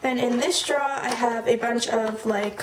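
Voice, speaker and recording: A woman's voice: fairly high pitch, steady tone. Chatty young woman, echoey room. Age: young adult. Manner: chatty, lists items quickly with fillers. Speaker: beauty vlogger. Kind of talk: casual product walkthrough. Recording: echoey room with noticeable noise.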